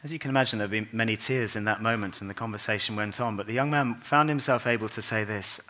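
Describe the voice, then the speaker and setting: The voice is a man's, pitched on the low side, preaching a Christmas sermon in church. He speaks earnestly and takes his time, dropping softly and quietly for tender lines.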